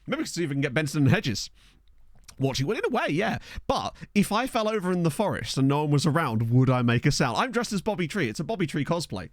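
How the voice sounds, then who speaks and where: Guy streaming a football manager game, jokey, bouncy voice, higher side, dry close mic. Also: big pitch swings, no room sound. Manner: chatty and jokey, thanking viewers, quick laughs. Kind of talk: casual live-stream chat. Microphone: desk microphone.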